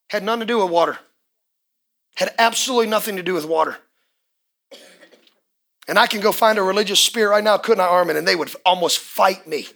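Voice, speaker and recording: A man preaching a fiery sermon as pastor at a church service, often shouting and repeating key words. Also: high-pitched, steady tone, fast talker, gravelly.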